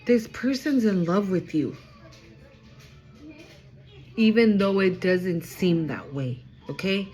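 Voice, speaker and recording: A woman's voice: mid-range voice, soft background music, low-quality recording. A woman giving a casual spiritual reading straight to her viewers, emphatic and chatty, with casual swearing. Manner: excitable, quick swings in loudness. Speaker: intuitive card reader.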